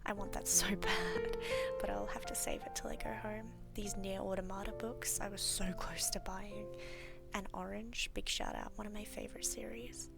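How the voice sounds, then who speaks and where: A woman with an Australian accent whispering excited vlog commentary while browsing a bookstore. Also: mid-range voice, normal speed, creaky. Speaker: book vlogger. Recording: whisper over loud music.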